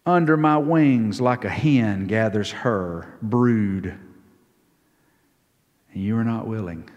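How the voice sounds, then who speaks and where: A man preaching a sermon as pastor, swinging from hushed, quiet lines to loud, high, impassioned ones. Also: big-room sound.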